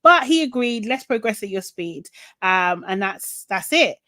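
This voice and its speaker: A woman co-hosting a podcast, recapping a TV show in animated casual chat, quoting people and swearing. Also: mid-range voice, a little slow, dry recording. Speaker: podcast co-host.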